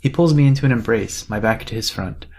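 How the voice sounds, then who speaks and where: A woman's voice: rumbling low, quick pace, a little mellow. A woman co-hosting a casual book podcast, analytical and self-deprecating, swearing casually as she picks apart the writing. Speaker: podcast co-host. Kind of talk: casual chat, book critique.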